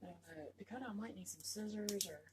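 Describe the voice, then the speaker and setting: A woman unboxing a doll on her vlog, gushing with repeated exclamations and drifting into soft murmurs. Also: medium pitch, fast talker, very noisy. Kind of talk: casual excited unboxing chat.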